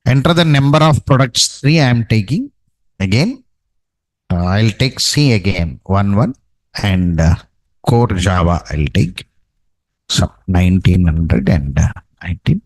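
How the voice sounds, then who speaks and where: Slow coding teacher. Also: male voice, on the low side, animated, no room sound, poor audio. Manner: dictates code slowly, repeats "okay, right" and tag "no?". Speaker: programming teacher. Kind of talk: live coding lesson.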